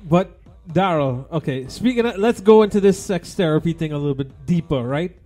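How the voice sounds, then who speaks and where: A man's voice: fairly high pitch, expressive, brisk, dark tone, soft background music. A man co-hosting a comedic radio show, laughing often and prompting his partner with short questions. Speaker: radio co-host and DJ. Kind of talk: casual comedic radio chat.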